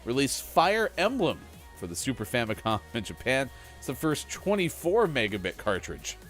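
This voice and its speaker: A man's voice: mid-range voice, very animated, moderate pace, fairly bright tone. Male morning show host, jokey, bouncy voice, little music bed behind. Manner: joking, reads from a rundown. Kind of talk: casual radio chat.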